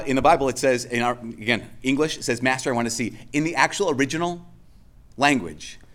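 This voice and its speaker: A male pastor delivers a sermon in a conversational style, frequently restarting and repeating phrases for emphasis. His voice is medium-pitched with a fairly bright tone.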